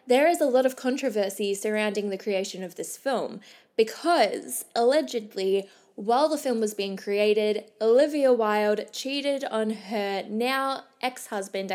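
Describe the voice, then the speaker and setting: A woman's voice: mid-range voice, measured pace, a little mellow. A young woman hosting a podcast in a casual, gossipy chat, with lots of "like". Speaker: podcast host.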